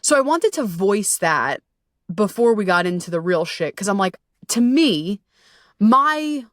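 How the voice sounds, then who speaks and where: A podcast host and self-love coach recounts a story openly and casually, peppering it with swearing and "you know" and "like." She speaks at a medium pitch with a somewhat bright tone. The recording is dry and clean, with studio sound.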